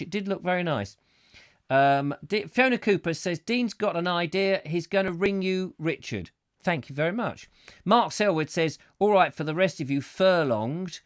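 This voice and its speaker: A man hosting a ranty live chat show, rambling from one comment to the next with jokey asides and rhetorical questions. His voice is slightly high and swoops around a lot. It sounds dry and close, with no room around it. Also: a bit bright, no room sound. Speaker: host.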